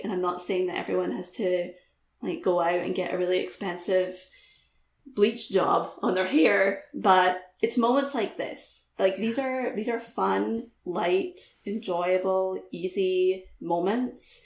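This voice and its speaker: A woman's voice: mid-range voice, fairly even intonation, unhurried, creaky, reverberant. A woman guest author talking candidly in a podcast interview, laughing easily, with lots of "like" and "um".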